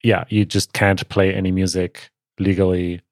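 A man's voice: deep voice, level tone, moderate pace, dry recording. A man co-hosting a podcast in casual chat, precise and explanatory with dry humor. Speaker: podcast co-host.

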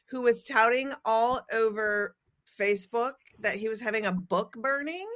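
A woman's voice: a little high, normal speed, fairly bright tone. A middle-aged woman hosting a comedic talk show, telling stories in a wry, irreverent, profane way. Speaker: host. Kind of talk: casual comedic chat.

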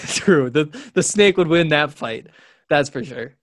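A man's voice: fairly high pitch, lively intonation, slow, no echo, studio quality. A man in his twenties co-hosting a sports podcast in casual chat, rambling through stories with lots of fillers. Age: 20s. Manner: rambling storyteller, many fillers.

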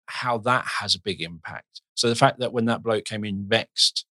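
A man with a South London accent hosting a podcast, talking in a relaxed, agreeable and reflective way. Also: fairly low pitch, normal speed, no echo. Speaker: podcast host. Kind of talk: podcast conversation.

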